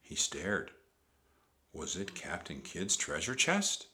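A man reading a children's storybook aloud with animated delivery. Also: deep voice, slow. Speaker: narrator.

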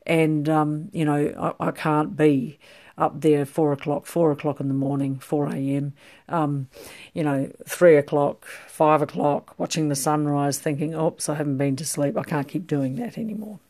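A woman's voice: low-pitched, fairly even intonation, moderate pace, warm tone. A middle-aged woman coaching on menopause health in a rambling, casual talk full of ums and restarts.

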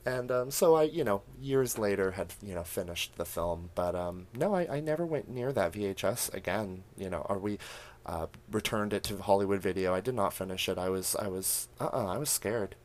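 A young man hosting a podcast, recapping a horror film in animated, laugh-filled storytelling that acts out the characters' lines. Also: lowish voice, normal speed. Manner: animated storytelling, laughing often, acting out quotes. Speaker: podcast host.

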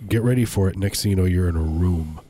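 Co-host for comic banter, low mellow male voice, rambling. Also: quick pace, slight background noise. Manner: rambling, riffing with fillers. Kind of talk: casual comedic banter.

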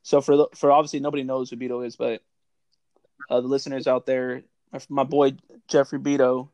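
A man's voice: mid-range voice, level tone, brisk, a little mellow, dry recording. A young man hosting a casual chat, telling old service stories, swearing freely and laughing often. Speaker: podcast host.

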